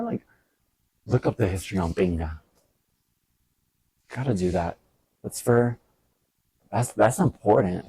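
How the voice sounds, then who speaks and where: A vlogger with a low, husky voice rambles in a casual stream-of-thought vlog, animated, swearing often and laughing at his own stories.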